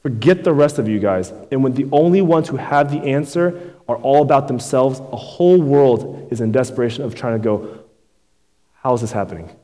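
A man's voice: medium pitch, lively intonation, a little fast, mellow, big-room sound. A male pastor delivering a sermon in a loose, conversational way, often checking in with his listeners. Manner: conversational preaching, keeps tagging "right?" and "man".

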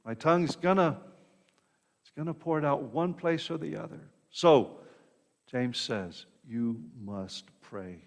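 Pastor preaching in a reverberant hall. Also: male voice, fairly high pitch, measured pace, vocal fry, long pauses. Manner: conversational preaching, frequent "right?" asides and repeated words. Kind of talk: sermon.

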